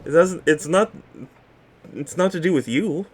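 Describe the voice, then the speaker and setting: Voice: mid-range voice, measured pace, husky. A streamer who just woke up, reading a detective game's lines aloud in put-on voices and breaking off to bicker with chat. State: just woken up. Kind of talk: live game stream, reading dialogue aloud.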